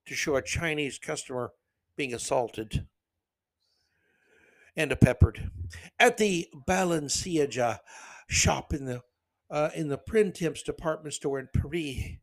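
A man's voice: fairly high pitch, dry recording. A man hosting a solo podcast, reading news stories aloud and mocking them with sarcastic asides. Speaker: podcast host.

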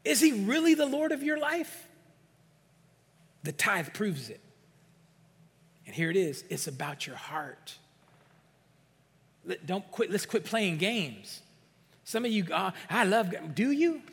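A middle-aged pastor's voice sits high and sounds husky and creaky, moving slowly in a sing-song way with frequent pauses. He preaches emphatically in a church sanctuary, drawing amens and mimicking the excuses of doubters, all under a long hall reverb.

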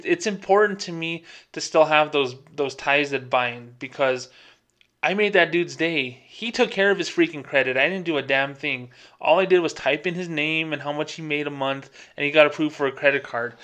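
A man, a podcast co-host, telling a story in a casual way and acting out the other people's lines as he goes. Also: a little high. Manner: animated retelling that acts out quoted dialogue. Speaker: podcast co-host, former bank employee.

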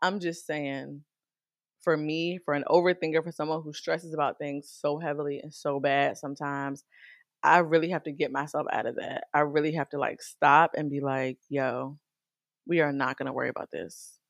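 A woman talking casually to her viewers about faith and stress, chatty and animated, calling the listener girl. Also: deep voice, moderate pace, no room sound, clean studio sound. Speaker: faith vlogger. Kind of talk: casual faith talk to camera.

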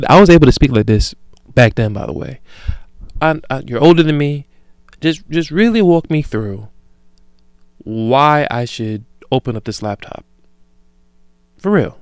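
A man in his thirties hosting a solo podcast, rambling through profane, animated stories full of imagined dialogue and growing loud when worked up. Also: mid-range voice, a little slow, long pauses, no room sound, clean studio sound. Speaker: podcast host.

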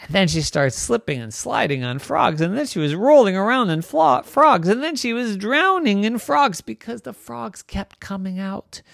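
A parent telling an improvised bedtime story in a playful, animated way, with sound effects and hushed asides. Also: mid-range voice, moderate pace, vocal fry, hardly any pauses, dry recording, studio quality.

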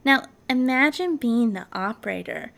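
A woman with a slightly high voice talks through a true crime case in a relaxed, chatty way. She peppers her storytelling with ums and likes and slips into little acted-out quotes. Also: moderate pace, gravelly. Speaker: true crime podcast host. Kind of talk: casual storytelling.

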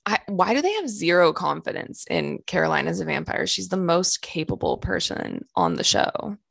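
A young woman co-hosts a podcast and recaps an episode in loose, crude, joking chat. Her voice sits a little low and has a gravelly fry, and the recording is dry with no room sound. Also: expressive, normal speed, fairly bright tone, no room sound. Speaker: podcast co-host.

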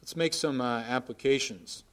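Male pastor, mid-pitched voice, earnest sermon delivery, loud emphasis dropping to quiet asides. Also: moderate pace. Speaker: preacher.

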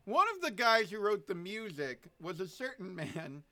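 A man co-hosting a podcast, his voice pitched high and bright. He talks in a loose, joking way and tells animated stories to his co-hosts. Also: moderate pace. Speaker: podcast co-host. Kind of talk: casual chat.

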